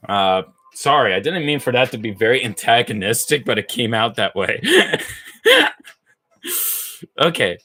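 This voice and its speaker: Slow, bright-voiced playful man. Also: medium pitch, lively intonation. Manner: playful, rambling, self-mocking, thinks aloud. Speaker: livestreamer building brick models. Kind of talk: casual livestream chatter.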